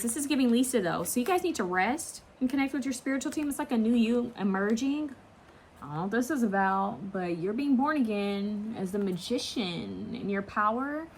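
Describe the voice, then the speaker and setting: A woman's voice: on the high side, slight background noise. Chatty woman giving a tarot reading. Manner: chatty and rambling, slangy asides. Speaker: tarot card reader. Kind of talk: casual pick-a-card tarot reading.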